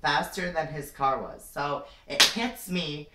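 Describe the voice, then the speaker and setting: A woman's voice: low-pitched, slow pace, very noisy. A young woman improvising a comic story time, rambling and dramatic, with lots of "like" and "you know". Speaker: vlogger. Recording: roomy, distant from the mic.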